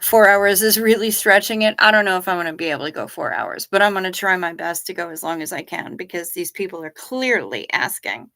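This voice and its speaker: A woman with a bright, clear tone talks casually to her viewers from her chair at home. She rambles along and often trails off. She is a little sleepy and keeps yawning. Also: on the low side, animated, a little fast, hardly any pauses. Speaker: livestream host. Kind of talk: casual livestream chat with viewers.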